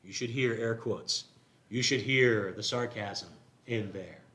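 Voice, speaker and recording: A man's voice: fairly low pitch, slow pace, a bit bright, reverberant. A male pastor preaching a sermon in a church, explaining a passage in a conversational way and asking rhetorical questions. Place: church sanctuary.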